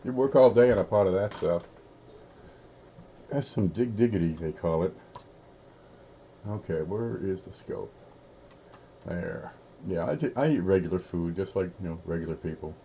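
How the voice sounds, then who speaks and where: A man with a fairly low voice rambles in a folksy, easygoing way, talking through mouthfuls of food as he eats on camera. The recording sounds dull and lo-fi, with a faint hiss underneath. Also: animated, normal speed, long pauses, mellow. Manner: folksy, rambling, talks with his mouth full. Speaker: coin collecting channel host. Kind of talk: casual chat while eating on camera.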